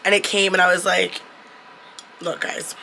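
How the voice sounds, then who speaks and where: A woman's voice: lowish voice, little pitch movement, unhurried, creaky, background noise. A young woman vlogging casually into her phone camera, chatty and blunt, swearing freely. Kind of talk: casual vlog talk to camera.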